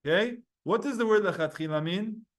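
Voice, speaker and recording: A man teaching a Talmud class online, energetic and quick, putting questions to his students. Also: high voice.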